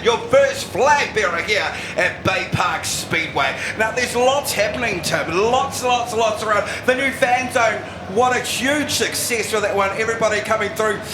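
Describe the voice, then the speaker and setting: A man's voice: high-pitched, reverberant, low-quality recording. Upbeat New speedway announcer man. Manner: upbeat, hypes the crowd. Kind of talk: live race commentary.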